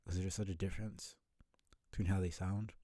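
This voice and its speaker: A man's voice: low voice, little pitch movement, brisk, warm tone, dry recording. A man reading a webcomic aloud on a live stream and commenting casually, swearing freely and laughing often.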